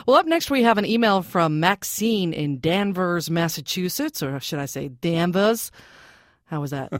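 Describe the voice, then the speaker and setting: A woman hosting a radio money call-in show, conversational and lively. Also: lowish voice, normal speed, no echo, clean studio sound. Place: radio studio.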